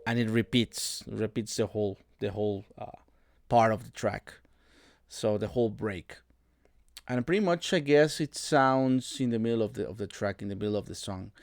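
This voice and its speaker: Relaxed low-voiced man explaining music production. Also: gravelly, no room sound, studio quality. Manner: relaxed, halting, many fillers and restarts. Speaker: music producer tutorial host. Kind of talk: casual screen-recorded production walkthrough.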